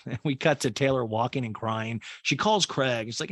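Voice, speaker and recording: A man's voice: medium pitch, normal speed, fairly bright tone, dry recording, studio quality. A man hosting a comedic TV recap, sarcastic and mimicking the people he quotes. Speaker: recap host.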